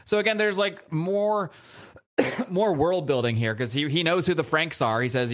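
A man's voice: fairly high pitch, animated, fairly quick, fairly bright tone. A man co-hosting a live podcast, casually recapping a comic book scene by scene with many restarts and lines of dialogue read aloud. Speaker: podcast co-host. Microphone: podcast mic, live show.

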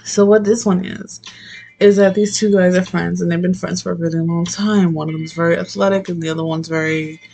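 A woman's voice: on the low side, fairly even intonation, brisk, gravelly, darkish tone, slightly rough. A young woman chatting casually about manga she read, rambling, swearing and laughing often. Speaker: manga reviewer. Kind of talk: casual chat.

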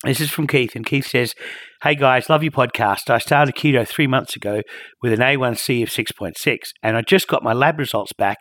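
A man's voice: medium pitch, normal speed, a bit bright, dry recording, studio quality. A man co-hosting a podcast, chatting casually and commenting with a few hesitant restarts. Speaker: podcast co-host.

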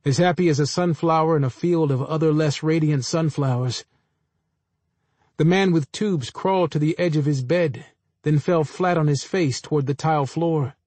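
A man reading a first-person story aloud in a measured, dry storytelling manner. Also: a little high, a little mellow, dry recording. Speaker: narrator.

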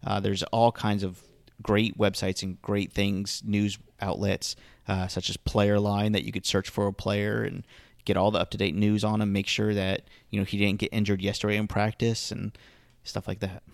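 Gravelly low-voiced male podcast co-host. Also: flat delivery, moderate pace, no room sound, clean studio sound. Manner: rambling, filler-heavy delivery. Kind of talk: casual chat.

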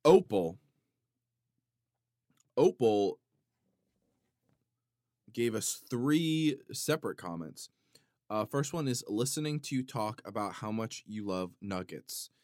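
A lower-voiced man riffing on viewer comments with mock outrage. He jumps from sudden loud outbursts to quiet muttered asides. The sound is dry and close, with no room around it. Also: animated, slow pace, pauses often, no room sound. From Italian heritage. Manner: dramatic, playfully indignant, jumps between loud outbursts and muttering. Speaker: vlogger reading viewer comments. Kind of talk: casual comedic monologue.

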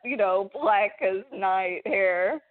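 A woman's voice: medium pitch, no room sound. Playful woman on a dry, tinny line. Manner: playful, quick to laugh and joke. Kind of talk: casual pop-culture chat. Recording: dry phone-like sound.

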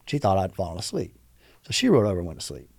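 A man's voice: low voice, wildly swooping pitch, racing, gravelly, a little mellow, husky, dry recording, studio quality. A man guest on a podcast, telling an emotional personal story in an earnest way and acting out the voices of the people he quotes.

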